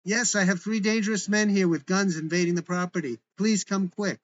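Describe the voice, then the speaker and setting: A man's voice: fairly high pitch, expressive, normal speed, highs cut off. A man voicing a poised woman landlord who puts on an authoritative American business voice, with an indignant manner. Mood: alarmed, yelling.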